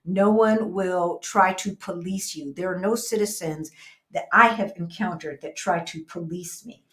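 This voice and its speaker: A middle-aged woman from the United States talks through a casual co-hosted conversation. Her voice sits a little low for a woman. She tells stories in an animated, conversational way. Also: measured pace. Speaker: co-host. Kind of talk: casual chat.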